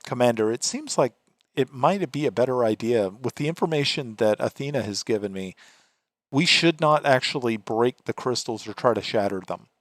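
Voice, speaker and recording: A man's voice: medium pitch, expressive, normal speed, no room sound, studio quality, lightly acted. A man voicing an earnest, careful barbarian woman who advises caution, in a tabletop game.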